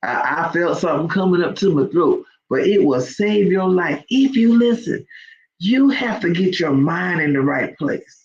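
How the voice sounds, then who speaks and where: A woman's voice: on the low side, expressive, moderate pace, a little mellow, lo-fi sound. A woman hosting a live faith talk for online listeners. She speaks conversationally with many ums and builds into emphatic exhortation.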